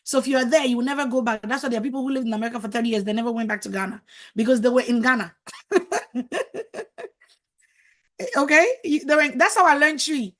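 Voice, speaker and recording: A woman from Ivory Coast, a marriage coach telling a chatty, animated personal story straight to her viewers, checking in with them as she goes. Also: on the high side, racing. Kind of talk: casual storytelling to camera.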